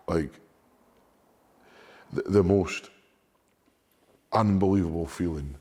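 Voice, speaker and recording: A man, a strongman guest, telling stories candidly in an interview, sweary and animated, often repeating words. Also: low-pitched, extremely slow, a little hiss or hum.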